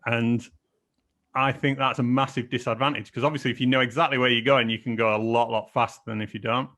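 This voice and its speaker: A man chats on a podcast with a mid-pitched, everyday voice. He is casual and candid, and he pokes fun at himself. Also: flat delivery, fast, pushed and bright. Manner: casual and candid, self-deprecating. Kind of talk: podcast conversation.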